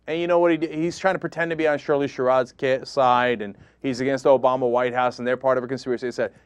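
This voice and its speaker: A man's voice: medium pitch, steady tone, very fast, smooth, no echo. A man hosting a political commentary show, talking in an angry, sarcastic and emphatic way. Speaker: host.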